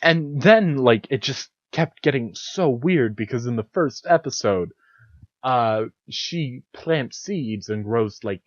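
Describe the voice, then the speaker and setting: A man's voice: mid-range voice, takes it slowly, no echo, dull audio. A man hosting a casual solo podcast, telling stories with a lot of swearing and sudden angry outbursts. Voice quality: profane, animated storytelling with sudden outbursts. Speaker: podcast host.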